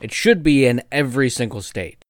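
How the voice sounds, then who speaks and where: A man co-hosting a casual chat, animated and laughing often. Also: mid-range voice, moderate pace, dry recording, studio quality.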